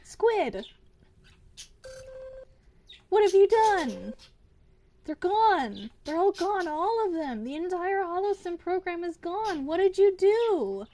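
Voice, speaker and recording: A woman's voice: very high voice, very animated, takes it slowly, pauses often, mellow, a little hiss or hum, pitched above the performer's own voice, full character voice. A woman voicing a distraught space station AI, reading game dialogue aloud in frantic, pleading outbursts.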